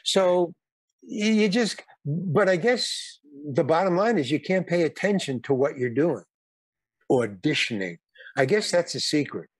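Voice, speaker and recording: On the high side and a little slow, his slightly rough voice has lively intonation and no echo. The guest, an actor and comedian in his eighties, rambles through casual anecdotes full of repeated words, restarts and occasional blunt curses.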